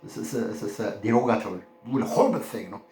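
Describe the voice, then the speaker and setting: A man's voice: fairly low pitch, expressive, racing, a little mellow, slight background noise. A man from the Horn of Africa talking in a loose, rambling monologue, forever adding "my friend" and "okay?". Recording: roomy echo.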